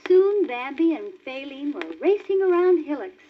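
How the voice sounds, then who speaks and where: Lively woman reading a storybook record. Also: high-pitched, moderate pace, few pauses. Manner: clear, animated reading aloud. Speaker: story reader. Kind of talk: scripted storybook narration. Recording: dull crackly old vinyl record.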